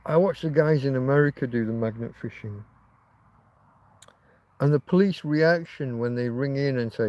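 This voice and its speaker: A man's voice: medium pitch, moderate pace, long pauses, darkish tone. A man hosting a casual livestream from inside a tent, rambling and swearing freely. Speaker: livestream host.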